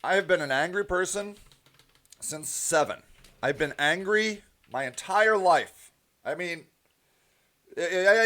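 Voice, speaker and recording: A man hosting a casual livestream, reading comments aloud with sarcastic, indignant asides. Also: sits high. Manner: animated and sarcastic, with indignant outbursts. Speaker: livestream host.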